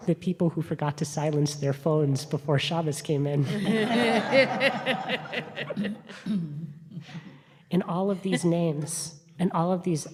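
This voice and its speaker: A rabbi welcoming a congregation in person and online, then giving a short reflection with gentle humor. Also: male voice, on the high side. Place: synagogue sanctuary. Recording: long hall reverb.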